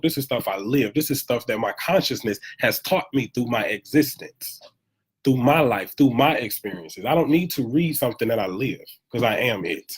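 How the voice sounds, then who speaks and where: A man delivers an animated motivational pep talk from home, leaning on repeated lines to drive his points. His voice has a husky, slightly rough edge at a middling pitch. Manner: preachy, animated, repeats phrases for emphasis. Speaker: motivational live streamer. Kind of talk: casual motivational monologue.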